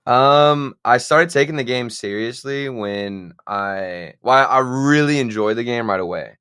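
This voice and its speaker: A young man appears as a podcast guest, his mid-range voice a little slow, clear and resonant, captured in a dry, clean studio recording. He tells stories in casual, rambling chat, his voice trailing off quietly at the ends of phrases.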